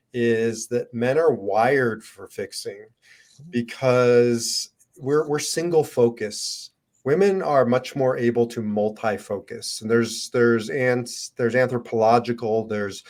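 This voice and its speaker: A man co-hosting a podcast, talking in a reflective way as he explains ideas at an easy pace. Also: mid-range voice. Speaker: podcast co-host. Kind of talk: casual podcast conversation.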